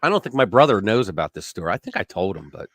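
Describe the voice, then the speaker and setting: A man's voice: low-pitched, sing-song, quick pace, a bit bright, no room sound. A man in his sixties hosting a casual livestream, telling long rambling stories. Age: 60s. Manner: rambling storyteller who acts out the voices. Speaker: host.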